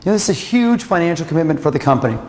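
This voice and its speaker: A man's voice: fairly high pitch, very animated, racing, a little mellow, in a large hall. A man presenting a company marketing program in an enthusiastic, promotional way. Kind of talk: scripted corporate presentation.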